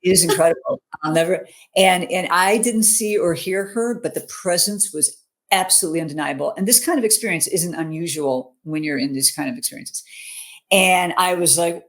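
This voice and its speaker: A woman's voice: on the low side, fairly quick. Earnest woman telling her story on a call. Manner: earnest, peppers talk with "you know", "okay?" and "right?". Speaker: interview guest, mental fitness coach. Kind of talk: personal storytelling in a conversational interview.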